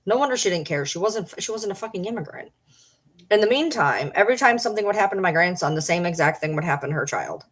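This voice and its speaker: A woman's voice: lowish voice, fast, slightly rough. A middle-aged woman streamer telling a story in a casual, blunt and profane way. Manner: blunt, profane, animated retelling.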